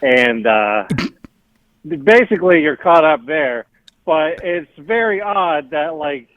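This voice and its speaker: Deadpan male caller on a dull line. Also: a little high, dry recording. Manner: deadpan, halting with fillers. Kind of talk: casual call-in recap.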